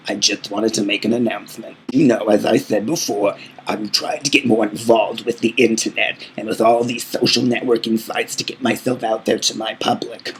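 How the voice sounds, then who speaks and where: A man's voice: on the low side, a little hiss or hum, lightly acted, low-quality recording. A man playing a vain, aging female diva singer who boastfully calls everyone darling while answering fan questions in a comedic vlog.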